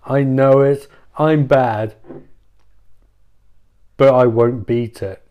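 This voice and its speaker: A man's voice: mid-range voice, steady tone, very slow, dull audio. A man doing a mopey, self-pitying Frankenstein monster. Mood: brooding. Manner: pleading, mock-solemn.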